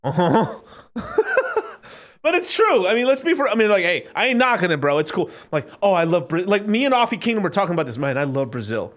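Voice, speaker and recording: Profane, animated man ranting casually. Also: high-pitched, quick pace, hardly any pauses. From Mexican. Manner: profane, emphatic, repeats phrases, mocking mimicry. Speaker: crypto livestream host. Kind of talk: unfiltered casual rant.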